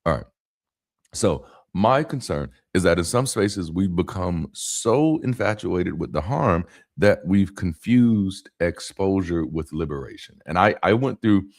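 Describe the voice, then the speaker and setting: A man talking to camera in a casual spoken monologue, animated, with rhythmic emphasis and frequent restarts and asides. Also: sits low, a little slow. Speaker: YouTube commentator.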